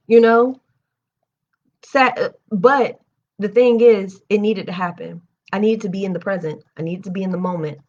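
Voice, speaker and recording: Young woman, livestream host, reads aloud, candid lively asides, mid pitch, slightly muffled audio. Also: moderate pace. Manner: animated and candid, breaks off reading into personal asides. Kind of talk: reading aloud and casual chat.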